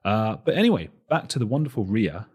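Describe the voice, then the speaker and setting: A man's voice: on the low side, very animated, a little fast, a little mellow, breathy edge. A man hosting a podcast, giving a chatty, rambling solo introduction with self-deprecating asides. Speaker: podcast host.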